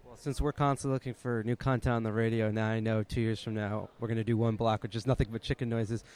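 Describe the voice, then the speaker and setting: A man's voice: lowish voice, level tone, fast, darkish tone, clean tone. A man interviewing a guest at a conference, casual and hesitant, full of uhs and likes. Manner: hesitant, lots of uh and like.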